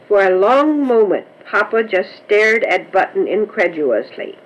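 Slow gentle woman storyteller. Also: medium pitch, sing-song, poor audio. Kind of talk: storybook narration.

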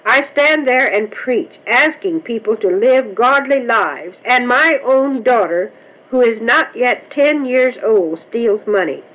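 Stern preachy pastor dad, solemn and slow, read by a woman. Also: on the high side, lively intonation, a bit bright, full character voice, poor audio. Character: stern village pastor father, man.

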